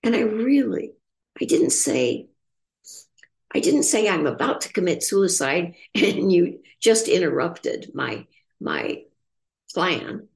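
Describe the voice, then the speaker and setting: An older woman tells a personal story with an earnest, reflective tone. Her voice is gravelly with a touch of vocal fry. She often pauses and restarts, and her pitch rises and falls in a lively way. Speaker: author in recovery sharing her story.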